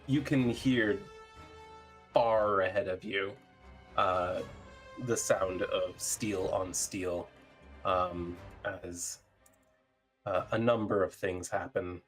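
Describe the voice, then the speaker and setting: A man with a lowish voice narrates a tabletop game as game master, unhurried and easygoing. He fills pauses with ums and the odd chuckle while soft music plays underneath. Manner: relaxed, with fillers and chuckles.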